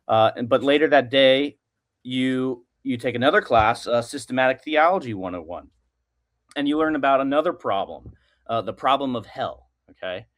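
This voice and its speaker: A man's voice: mid-range voice, animated, normal speed. Man explaining a philosophy argument. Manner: thinking aloud with many fillers and "right?" tag questions. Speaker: podcast guest.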